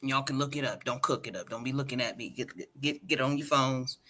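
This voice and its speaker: Emphatic, bright-voiced woman hair educator. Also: a bass voice, fairly quick. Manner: emphatic, insistent lecturing. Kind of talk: casual livestream chat.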